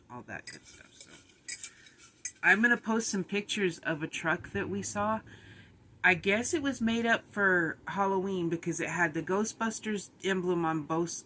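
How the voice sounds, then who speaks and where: A middle-aged woman talks to her vlog audience in a loose, rambling way, giggling now and then. Her voice is bright and a little sharp. She sounds tired and worn down. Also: deep voice, a little hiss or hum. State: tired, run down. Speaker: vlogger. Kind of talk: casual vlog chat.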